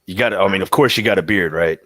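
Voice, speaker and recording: A man's voice: low voice, rapid-fire, pushed and bright. A man guest and streamer chatting casually, swearing and sounding unsure as he guesses. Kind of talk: casual chat.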